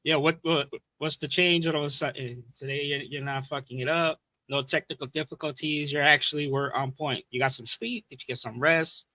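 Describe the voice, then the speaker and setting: A man co-hosting a podcast, excitable and profane, reacting quickly and telling his own stories. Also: fairly high pitch, dry recording. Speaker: podcast co-host. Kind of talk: casual chat, storytelling.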